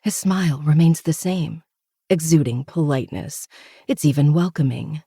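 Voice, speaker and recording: Gravelly, dark-toned story narrator. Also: mid-range voice, moderate pace, dry recording, studio quality. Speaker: podcast host reading a novel. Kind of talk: first-person audiobook narration.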